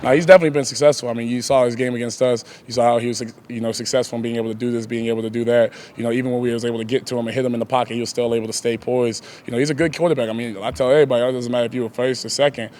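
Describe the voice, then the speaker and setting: A man's voice: medium pitch, fairly even intonation, rapid-fire, hardly any pauses, darkish tone, slight background noise. A young man, a pro football player, answering press questions casually, laughing often and leaning on "like" and "you know".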